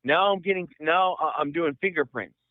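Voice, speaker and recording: A young man from the Bay Area telling a long profane story on a podcast, rambling and animated. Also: fairly high pitch, moderate pace, no room sound. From San Francisco Bay Area. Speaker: podcast host. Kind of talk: casual storytelling. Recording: dry, phone-like audio.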